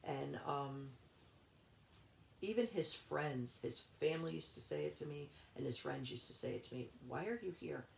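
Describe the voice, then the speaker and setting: Interview guest: woman, gravelly low voice, rambling and halting, echoey room. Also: slight background noise. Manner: rambling, halting, with many restarts. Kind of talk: personal storytelling in an interview.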